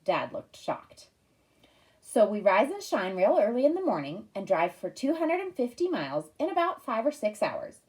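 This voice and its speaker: A woman's voice: mid-range voice, wildly swooping pitch, a little mellow. A woman doing an orderly planning mother. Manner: brisk, orderly, explaining. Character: organized mother reading out her plans.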